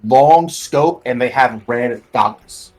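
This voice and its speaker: A man's voice: mid-range voice, takes it slowly, a little mellow, low-quality recording. A man narrating as game master for a tabletop role-playing game, describing scenes loosely with many fillers.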